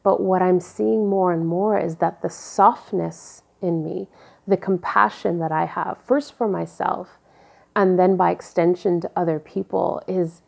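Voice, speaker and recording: A woman in her forties speaking candidly to camera, telling personal stories and reflecting slowly and deliberately. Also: on the low side, creaky, a little mellow. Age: 40s. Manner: candid, storytelling, turns slow and deliberate when reflective. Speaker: vlogger.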